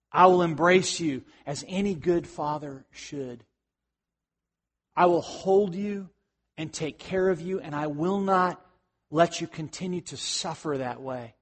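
Male pastor with a high voice, chatty sermon delivery, hushed then emphatic. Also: a little slow, in a large hall. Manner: conversational, swings between hushed and emphatic.

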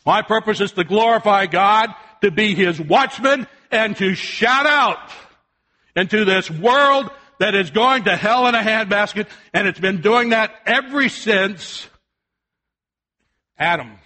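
An older man preaching a sermon, telling a folksy family story and swinging from loud shouted warnings to soft, quiet appeals. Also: high-pitched, animated, takes it slowly.

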